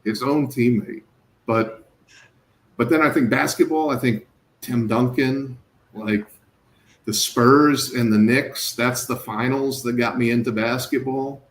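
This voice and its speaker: A man's voice: mid-range voice, measured pace. 30s guy, laid back reflective podcast chat, mid voice, echoey room. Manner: relaxed, reflective, trailing-off phrases. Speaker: podcast co-host. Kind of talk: casual sports chat.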